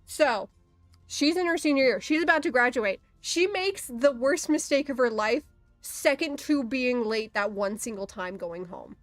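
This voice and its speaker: A woman's voice: a little high, lively intonation, a little slow, fairly bright tone, dry recording, soft background music. A young woman chatting casually while drawing, telling a story with lots of swearing and frequent laughter. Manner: profane, laughing often, storytelling. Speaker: artist streamer.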